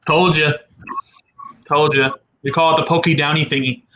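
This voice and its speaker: Bright-voiced man hosting a casual stream. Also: a little high, little pitch movement, moderate pace, muffled recording. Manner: rambling, repeats words. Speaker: livestream host. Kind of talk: casual chat.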